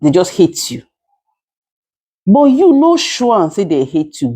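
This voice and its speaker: A woman's voice: lowish voice, sing-song, a little slow, pauses often, warm tone, breathy edge, no room sound. A woman with a Nigerian accent, a content creator and caregiver, giving emphatic, lecturing advice to camera and slipping into Nigerian Pidgin. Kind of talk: casual advice talk to camera.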